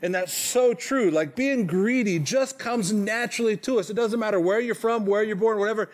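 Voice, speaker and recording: A man's voice: high voice, moderate pace. A man in his forties preaching a sermon to his congregation in a church, talking in a conversational, self-deprecating way and often checking in with "okay?". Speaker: pastor. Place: church sanctuary.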